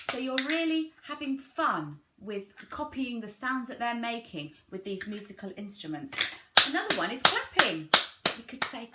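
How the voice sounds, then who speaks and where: A woman giving a gentle instructional talk to parents, demonstrating play ideas and modelling simple words in an exaggerated sing-song way. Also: on the high side, expressive, normal speed. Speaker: family centre early years practitioner. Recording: echoey room with clear background noise.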